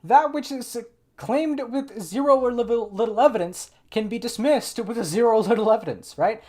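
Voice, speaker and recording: A man's voice: very high-pitched, moderate pace, darkish tone. A man hosting a live political commentary stream, sarcastic and exasperated, thinking aloud with frequent restarts.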